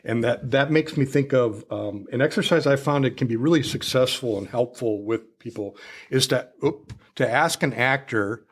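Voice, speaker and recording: A man's voice: mid-range voice, moderate pace. A man hosting an interview podcast, talking in a rambling, self-deprecating way full of restarts. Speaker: podcast host. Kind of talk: conversational interview.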